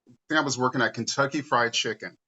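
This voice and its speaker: Bright-voiced man telling a lively story. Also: medium pitch, quick pace, slightly rough, dull audio. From San Diego area. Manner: animated storyteller who laughs while telling. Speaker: co-host and drag performer. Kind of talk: casual chat, storytelling. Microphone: video call.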